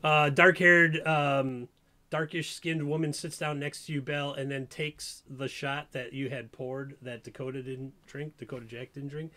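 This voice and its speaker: A man's voice: mid-range voice, fairly even intonation, normal speed, bright, forceful tone. A man running a tabletop game as game master, laid-back and full of fillers.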